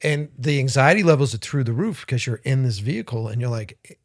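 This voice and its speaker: A man's voice: medium pitch, fairly quick, dry recording. Guy on a podcast telling a wild story, swears a lot, does the voices, dead dry mic. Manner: profane, rambling, lively retelling with quoted voices. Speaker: podcast co-host. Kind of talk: casual storytelling.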